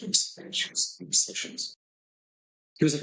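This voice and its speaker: Podcast guest, male, deep-ish voice, very husky, candid and profane, rambling delivery. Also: animated, normal speed, long pauses, a bit bright, low-quality recording. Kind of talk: casual storytelling. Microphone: podcast microphone.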